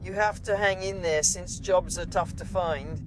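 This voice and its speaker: A woman's voice: on the low side, steady tone, a little slow, background noise. A woman, an automotive TV journalist, chatting casually from inside a car and explaining things with many asides. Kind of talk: casual conversation.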